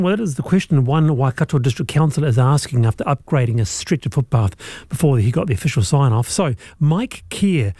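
High-voiced New radio host man. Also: mellow, no room sound, studio quality. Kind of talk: live radio panel chat.

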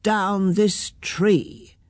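A woman reading a storybook aloud, voicing a bossy woman mayor in a loud, commanding way at a slow pace. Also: medium pitch, fairly even intonation, no echo, studio quality. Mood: firm.

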